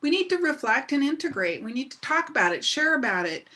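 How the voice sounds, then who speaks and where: A middle-aged woman preaches a sermon in a bright, ringing voice that sits fairly high. She tells her story with energy and laughter, and she keeps turning to her listeners with questions. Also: brisk. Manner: animated, laughing storyteller who asks the congregation questions. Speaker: minister.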